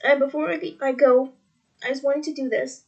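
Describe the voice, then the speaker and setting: A woman's voice: high-pitched, steady tone, normal speed, darkish tone, lo-fi sound. A seventeen-year-old girl talking earnestly in a faith vlog, rambling and tearful, often quoting with "he's like". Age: teens. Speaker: religious vlogger.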